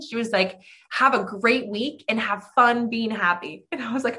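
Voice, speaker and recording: A woman's voice: medium pitch, brisk, fairly bright tone. A woman in her thirties hosting her own podcast, talking in a bubbly, gushing way with lots of fillers and playful asides. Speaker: podcast host. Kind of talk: upbeat podcast monologue.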